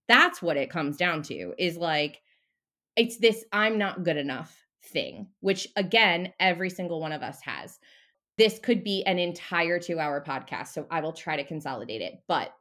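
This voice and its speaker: A woman talking as a mindset coach in a casual podcast interview, animated and a little profane. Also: lowish voice.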